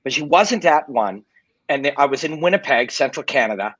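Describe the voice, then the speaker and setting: A man's voice: mid-range voice, animated, moderate pace, fairly bright tone, dry recording, highs cut off. A middle-aged man and former fighter hosting a live-stream watch party, telling stories candidly, swearing freely and rambling. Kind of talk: casual live-stream commentary and storytelling.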